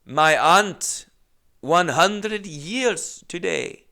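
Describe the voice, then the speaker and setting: A man putting on a sweet little old Russian lady with a thick Russian accent and slow, halting, broken phrasing. The voice is gravelly, bright and crisp. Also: high-pitched, animated, voice pushed up, full character voice. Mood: solemn. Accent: Russian, put on.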